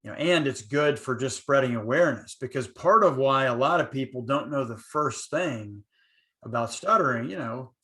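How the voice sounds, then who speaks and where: A man's voice: mid-range voice, lively intonation, moderate pace, pushed and bright. Reflective male podcast host who stutters. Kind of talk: interview chat.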